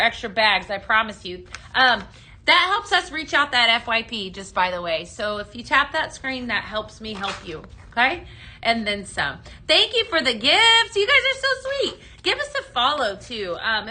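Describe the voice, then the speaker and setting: A woman's voice: fairly high pitch, bright, forceful tone, a little hiss or hum. A woman hosting a daily live-selling stream for home fragrance, chatting casually and greeting viewers by name as she mixes blends. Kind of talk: live shopping stream chat.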